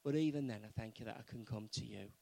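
A man preaching a sermon, moving from quiet, earnest pleading to loud, fervent exhortation. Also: lowish voice, fast, vocal fry, poor audio.

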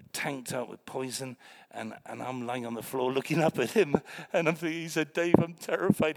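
A man preaching a sermon, telling stories and swinging from hushed to loud. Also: medium pitch, creaky. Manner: animated, swings from quiet to loud. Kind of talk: sermon with storytelling.

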